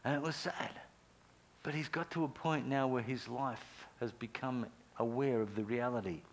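A middle-aged man preaching a sermon, telling stories earnestly, with lively bursts and quiet, near-whispered prayers. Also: mid-range voice, normal speed, a little hiss or hum. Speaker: pastor.

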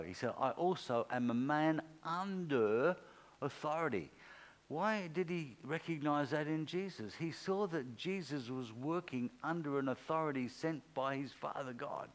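A man's voice: moderate pace, rough recording. Man preaching a conversational sermon. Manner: conversational, acts out quoted speech with pitch swings. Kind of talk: informal sermon.

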